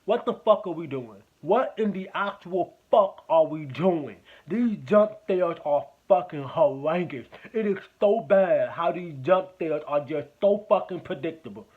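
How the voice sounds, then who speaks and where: A man's voice: a little high, expressive, measured pace, hardly any pauses, husky, narrow, tinny audio. A man giving a casual spoken movie review, rambling, swearing often and repeating himself.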